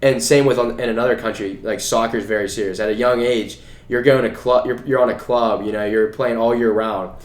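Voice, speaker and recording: A man's voice: medium pitch, steady tone, a little fast, few pauses. Rambling young man, echoey room. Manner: rambling storytelling, full of "you know" and "like". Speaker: podcast co-host. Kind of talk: casual chat.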